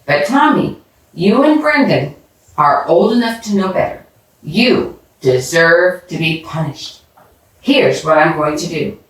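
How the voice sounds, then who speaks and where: A woman's voice: fairly low pitch, animated. A woman reading aloud voicing a serious father giving boys a grave talking-to, heard from a distance in an echoey room. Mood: stern. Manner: grave, measured. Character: stern serious father of a boy.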